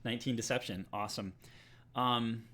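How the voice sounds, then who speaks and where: A man narrating as game master for a tabletop role-playing game, in a relaxed way with many fillers. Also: mid-range voice, moderate pace.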